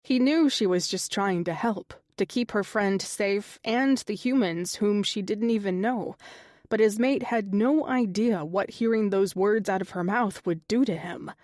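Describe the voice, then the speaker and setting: A woman narrating an audiobook romance in a steady, even storytelling voice. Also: medium pitch, a little slow, dry recording, studio quality. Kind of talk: scripted narration.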